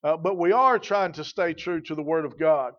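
A man's voice: fairly high pitch, moderate pace, a bit bright, lo-fi sound. A man preaching a sermon as pastor, emphatic and repeating key phrases for weight.

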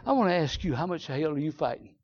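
Southern preacher with a lively, high voice. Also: male voice, quick pace. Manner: emphatic, swings from low asides to shouted climaxes; folksy storytelling. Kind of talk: sermon. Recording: dull lo-fi sermon recording.

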